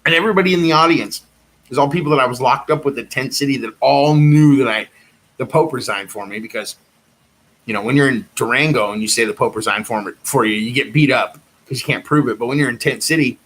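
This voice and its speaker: Insistent rambling man, mid-pitched voice. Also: quick pace, a bit bright, breathy edge. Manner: insistent and repetitive, circling back to the same claims. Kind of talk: rambling personal monologue.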